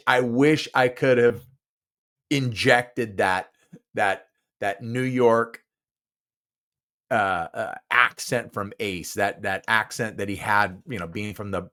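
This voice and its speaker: This is a solo podcast monologue from a man in his sixties who rambles casually, chuckling and restarting frequently. The pitch is fairly low and the tone a bit bright.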